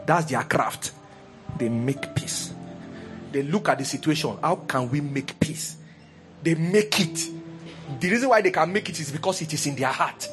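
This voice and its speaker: A pastor preaching a sermon in an animated, humorous way, full of rhetorical questions. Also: male voice, a little high, normal speed, over music.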